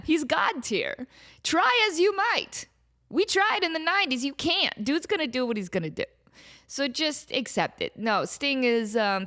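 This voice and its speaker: A woman's voice: a little high, a bit bright. A woman in her thirties hosting a casual solo comedy podcast, chatty and self-deprecating, often breaking off mid-thought. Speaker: podcast host.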